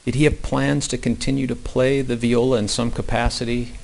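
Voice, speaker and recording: A man questioning a witness in a courtroom with measured, coaxing prompts. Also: medium pitch, little pitch movement, vocal fry, a little mellow, poor audio.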